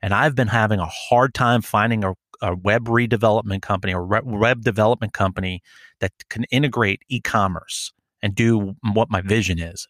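Animated storytelling man, dry close mic. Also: lowish voice, moderate pace, no echo. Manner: animated storyteller, acts out phone calls, swears. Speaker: podcast co-host. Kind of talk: casual chat.

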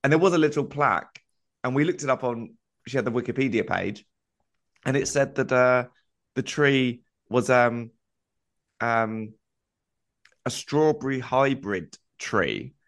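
A man's voice: mid-range voice, animated, measured pace, pauses often, a bit bright. A man co-hosting a comedy podcast, telling a meandering anecdote in casual chat, full of fillers.

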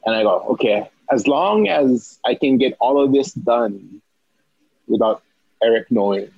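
A young man, an athletic trainer, telling a story about himself in animated bursts, stammering and acting out his own panicked lines. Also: mid-range voice, unhurried, creaky, slightly rough, dry recording, muffled recording.

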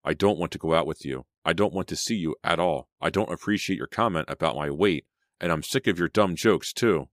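A man reading aloud, voicing a defensive, sharp-tongued teenage girl in a storybook. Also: deep voice, animated, no echo, clean studio sound. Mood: angry. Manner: sharp, quick to snap back.

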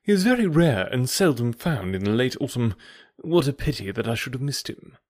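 A man's voice: mid-range voice, sing-song, normal speed, a little mellow, dry recording, studio quality, close to an everyday voice. A man voicing an adult male naturalist in an audiobook, talking in an easy, unconcerned way. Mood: guarded. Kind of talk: audiobook character voice.

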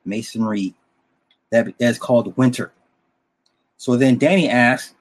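Husky man casually recapping a story. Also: mid-range voice, normal speed, pauses often, darkish tone. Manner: rambling and blunt, with restarts, asides and swearing. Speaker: film plot recapper.

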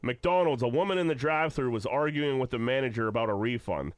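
A man's voice: medium pitch, expressive, fast, smooth, no room sound. A man, hosting a podcast and trading profane, wry stories with friends. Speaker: podcast host. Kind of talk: casual banter, reading scanner reports.

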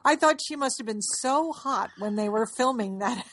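A woman's voice: a little high, normal speed, a bit bright. A woman co-hosting a casual chat, talking in a rambling way with restarts and laughs at herself. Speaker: podcast co-host.

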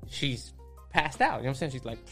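A relaxed man who tattoos for a living, telling a story at an easy pace. His voice sits at a middle pitch and he swears freely. A faint bit of music plays under his voice. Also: brisk. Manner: laid-back, profane, keeps saying "you know what I'm saying". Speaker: tattoo artist guest. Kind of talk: casual storytelling.

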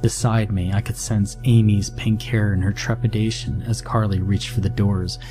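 A man with a low voice narrates a scary story in a steady, dramatic way. Music plays clearly under his narration throughout. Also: normal speed. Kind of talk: scripted horror narration.

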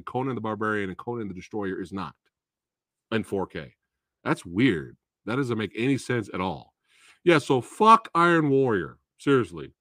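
A man's voice: medium pitch, no echo, clean studio sound. A man hosting a live movie Q&A, ranting casually with frequent swearing and laughter. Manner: animated, profane, laughs often, restarts.

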